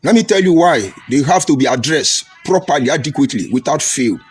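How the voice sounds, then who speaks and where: A man's voice: expressive, brisk, breathy edge. A middle-aged man with a Nigerian English accent giving an emphatic, lecturing political commentary broadcast. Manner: emphatic, swoops high and low, lecturing. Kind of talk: preachy opinion broadcast. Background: faint music.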